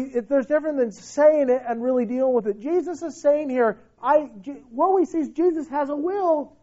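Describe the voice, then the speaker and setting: A man preaching a sermon with passion, swinging between loud declarations and hushed, pleading lines. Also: very high voice, highs cut off. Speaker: pastor.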